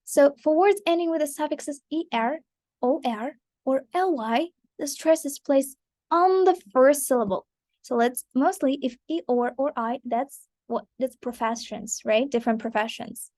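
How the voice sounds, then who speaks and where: A woman giving an English pronunciation lesson, her voice sitting a little high. She explains patiently, says each example word aloud and keeps checking in with "right?" and "guys". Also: moderate pace, a little mellow. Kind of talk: online lesson.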